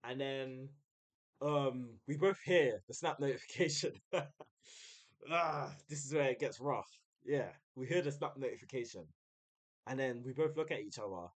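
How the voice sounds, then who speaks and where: Young guy, streamer, relaxed slangy storyteller. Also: normal speed. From United Kingdom. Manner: chatty, uses slang, mimics others in a high voice. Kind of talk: casual storytelling.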